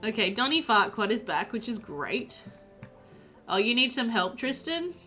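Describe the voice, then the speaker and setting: A giggly woman streamer chats away with her viewers, her voice bright and bouncing all over the place. Her voice sits a touch high. Soft game music plays underneath. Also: sing-song, measured pace. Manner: giggly, chatty, answering chat. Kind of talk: casual live-stream chat while playing.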